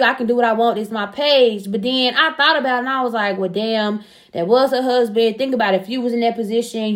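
Young woman, fairly high voice, casual chat, blunt and profane, animated storytelling. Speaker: podcast co-host telling a personal story.

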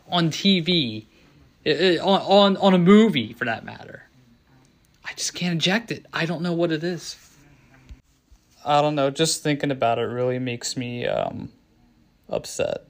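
A young man hosting a casual solo talk show, rambling and halting with many restarts, choked up and near tears. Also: on the high side, big pitch swings. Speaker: show host.

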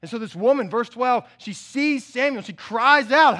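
A male pastor delivers a sermon in an animated, chatty style with frequent asides. His voice is high and bright, and his tone is forceful. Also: normal speed. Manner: animated, conversational preaching with asides to the church.

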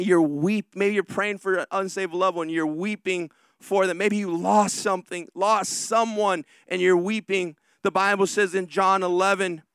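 A man preaching a sermon as pastor, drawing out key lines slowly and rushing through asides. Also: sits high, fairly bright tone, clear, resonant tone, no room sound, studio quality. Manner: preaching with slow, drawn-out emphatic lines and quick asides.

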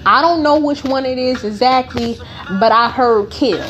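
A woman's voice: high voice, normal speed, fairly bright tone, dull audio, faint music behind. A woman podcast host telling a personal story in a blunt, heavily profane, emphatic way.

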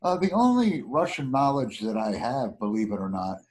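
A man's voice: mid-range voice, sing-song, moderate pace, a little mellow, slight background noise. A man taking an online lesson over a video call, speaking politely and formally and thanking his tutor often. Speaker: student and channel host.

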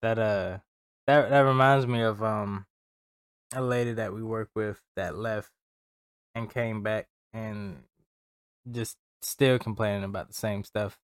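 Slow, reflective man on a podcast. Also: fairly low pitch, steady tone, clear, resonant tone, dry recording, studio quality. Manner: slow and reflective, listens with short affirmations. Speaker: podcast co-host. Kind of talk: casual chat.

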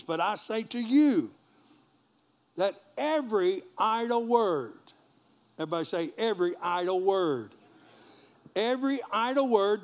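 A man pastor, preaching a sermon in a folksy call-and-response manner and joking with the congregation. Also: sits high.

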